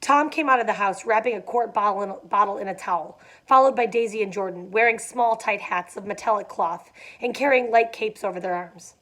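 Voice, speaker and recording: A woman's voice: medium pitch, fairly quick, fairly bright tone. A young adult woman reading a novel aloud, dropping in casual asides with fillers. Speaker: reader.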